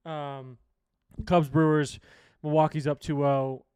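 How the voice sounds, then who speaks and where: A man's voice: a little high, level tone, slow, darkish tone, smooth. A young man hosting a sports show, giving rambling, opinionated and profane picks in casual chat. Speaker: sports podcast host.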